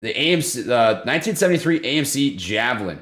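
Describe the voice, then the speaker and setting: A man hosting a live stream about stocks, chatting casually and excitably with viewers and breaking down price charts. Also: mid-range voice, quick pace. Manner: excitable, easygoing, laughs often, slangy. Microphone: desk condenser microphone.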